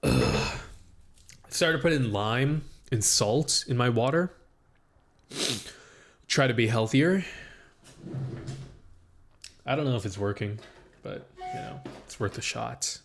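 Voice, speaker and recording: Here the young streamer drifts slowly through his chatter, leaving long pauses while he fiddles with his mic settings. His mid-range voice stays expressive, and the compressed studio mic picks up a little hiss or hum.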